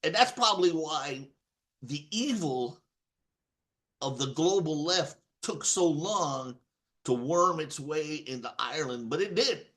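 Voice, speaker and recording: Ranting Texas-born man with a lively voice. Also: fairly high pitch, takes it slowly. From Texas, USA. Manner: ranting, emphatic, repeats and restarts words. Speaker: political commentator. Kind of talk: rambling stream-of-consciousness monologue.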